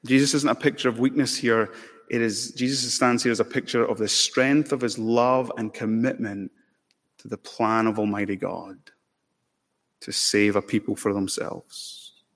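A man's voice: on the low side, fairly even intonation, a bit bright. Impassioned male preacher in a reverberant hall. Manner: dramatic, impassioned preaching with emphatic rises and slow solemn stretches. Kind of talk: sermon. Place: church sanctuary.

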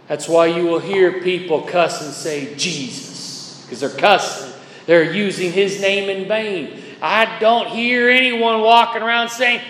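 A man with a very high, sharp voice preaches a folksy, emphatic chapel sermon, spelling out words to drive his point home. The chapel is echoey, with long reverb.

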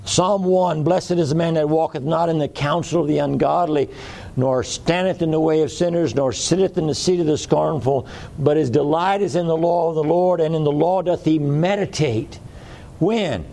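A man's voice: a little high, normal speed, gravelly, mellow. A man preaching a sermon in a folksy way, repeating phrases for emphasis.

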